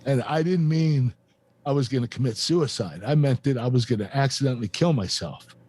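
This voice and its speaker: A man in his fifties, a guest on a podcast, telling a painful personal story in a halting, emotional way with many fillers and restarts. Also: medium pitch, warm tone, slightly rough, no echo. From United States. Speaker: guest, former pro wrestler.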